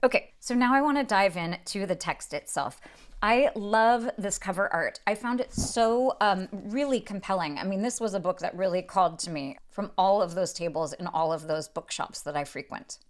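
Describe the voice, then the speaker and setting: A woman's voice: medium pitch, moderate pace. A woman hosting a book podcast, explaining a novel in a thoughtful, unscripted way and reading passages aloud. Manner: thoughtful, explanatory, with frequent restarts and fillers. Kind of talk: casual literary talk with read-aloud passages.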